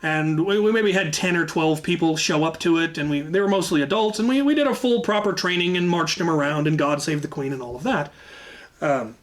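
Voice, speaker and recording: Man with a fairly high voice spinning a yarn. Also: fairly quick. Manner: lively anecdotal retelling with frequent asides. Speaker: channel host telling a story. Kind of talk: casual storytelling.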